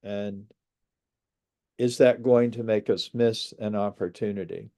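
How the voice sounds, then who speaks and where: Slow, mellow-voiced man giving a talk. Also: on the low side, steady tone. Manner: measured, earnest, with pauses. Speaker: speaker on space migration. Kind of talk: reflective presentation talk. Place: lives outside a large US city.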